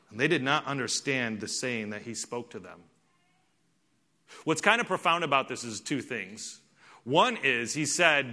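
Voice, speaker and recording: A middle-aged man preaching a conversational, animated sermon and acting out the people in the story. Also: mid-range voice, normal speed. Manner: conversational, animated, acts out quoted voices. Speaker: pastor.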